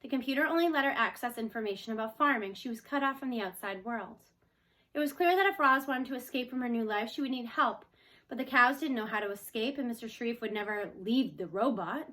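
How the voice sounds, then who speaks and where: A woman reading a children's novel aloud expressively, slowing for chapter titles. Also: a little high, expressive, sharp tone. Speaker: storyteller.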